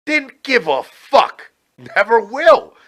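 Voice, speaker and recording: A man's voice: very high voice, takes it slowly. A man, a former pro wrestler, telling brash, profane stories as a podcast guest. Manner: brash, profane, animated storytelling. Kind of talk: casual interview chat.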